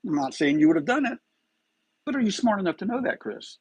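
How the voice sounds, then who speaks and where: Husky-voiced man grilling a suspect aloud. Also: sits high, very animated, fast, no room sound, rough recording. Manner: agitated, fires rhetorical questions. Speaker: live stream host. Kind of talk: heated true-crime commentary.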